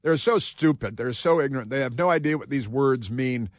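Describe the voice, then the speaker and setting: A man's voice: mid-range voice, fairly quick, very noisy. Combative male talk radio host. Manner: combative, sarcastic, rambling with restarts. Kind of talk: political talk radio monologue.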